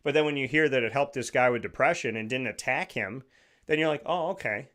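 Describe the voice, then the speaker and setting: A man's voice: medium pitch, fast, a bit bright. A man hosting a show, telling stories in a rambling, digressive, joking way into a studio microphone. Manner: rambling, digressive, jokey storytelling. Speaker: show host. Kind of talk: casual talk-show monologue.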